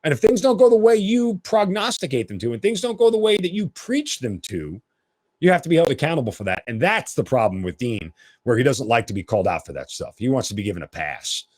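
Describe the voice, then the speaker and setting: Male solo sports podcaster, opinionated and lively, dry booth sound. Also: mid-range voice, a little fast, no room sound. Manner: animated, opinionated, blunt. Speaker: podcast host.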